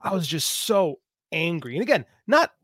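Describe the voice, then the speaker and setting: A man's voice: fairly high pitch, sing-song, moderate pace, fairly bright tone, husky, no room sound, studio quality. Impassioned man co-hosting a podcast. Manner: impassioned, preachy, talks through stories. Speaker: podcast co-host. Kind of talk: casual chat.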